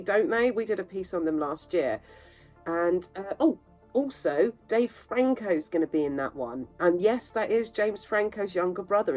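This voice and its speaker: Woman host, movie news roundup, chatty and animated, opinionated asides, mid pitch, soft music under. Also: poor audio. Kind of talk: casual film news roundup.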